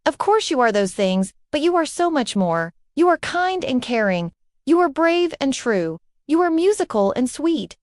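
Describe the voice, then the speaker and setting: A woman voicing a wise magical garden spirit who speaks calmly and reassuringly. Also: high voice, moderate pace, dry recording, clean studio sound. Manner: calm and reassuring.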